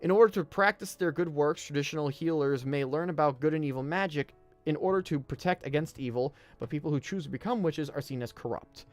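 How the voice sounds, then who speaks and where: Young guy hosting a stream podcast, reads stuff out and trips over words, kinda high voice, dry close mic, faint music behind. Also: brisk, no echo. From United States. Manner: reads aloud, stumbles over words, digresses jokingly. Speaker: podcast host. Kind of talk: casual live-stream reading and commentary.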